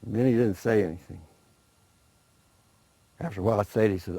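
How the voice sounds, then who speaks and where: A man tells folktales aloud in an easy, conversational manner, with little stumbles and restarts along the way. His voice sits low and the sound is close and dry, with no room around it. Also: normal speed, creaky, breathy edge, no room sound. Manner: relaxed, conversational, with small restarts. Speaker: storyteller guest. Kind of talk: oral folk storytelling.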